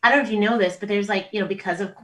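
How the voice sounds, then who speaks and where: Animated woman telling a comic story, a bit off-mic. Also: medium pitch, very fast, distant mic, low-quality recording. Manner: animated storyteller, swears freely, acts out family voices. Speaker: comedian guest. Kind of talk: casual podcast chat, storytelling.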